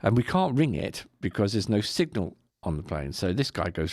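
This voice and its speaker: A man tells a rambling story to a co-host, acting out other people's voices along the way. His voice sits low and has a gravelly fry. The sound is dry and close. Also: normal speed, hardly any pauses, dry recording. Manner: animated anecdote with mimicked voices and laughs. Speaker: podcast co-host. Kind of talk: casual storytelling chat.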